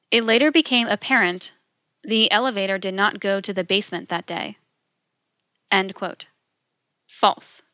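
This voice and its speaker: A woman narrating a script in a measured, even reading, stating each point plainly and in turn. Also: mid-range voice, dry recording, studio quality. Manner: measured, flat reading of quotes and rebuttals.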